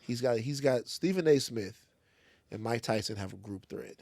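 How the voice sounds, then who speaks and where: A man's voice: mid-range voice, normal speed, no echo. A man from Louisiana co-hosting a podcast, telling a story with lots of swearing and acted-out voices. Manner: animated storytelling, swearing, acting out other voices. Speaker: podcast co-host. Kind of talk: casual studio chat. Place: podcast studio.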